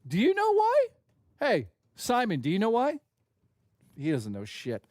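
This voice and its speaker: Animated, foul-mouthed male streamer. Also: high voice, measured pace, no room sound, clean studio sound. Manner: animated, profane, joking with chat. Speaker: gaming streamer host. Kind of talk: casual live-stream chat.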